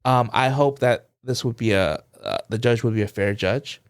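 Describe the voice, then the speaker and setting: A man's voice: mid-range voice, normal speed, smooth. Man telling a story on a podcast. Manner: animated retelling, acts out quoted voices, fillers like "like". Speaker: podcast co-host. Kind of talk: casual storytelling chat.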